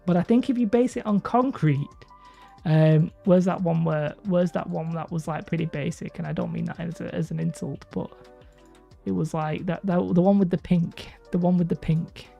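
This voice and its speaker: A woman hosts a hobby livestream and chats loosely with viewers, rambling and laughing as she goes. Her voice sits low with a gravelly, mellow tone. The audio is dull and lo-fi, with faint music underneath. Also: fairly even intonation, moderate pace. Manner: chatty, rambling, laughs often. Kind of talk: casual livestream chat reading viewer comments.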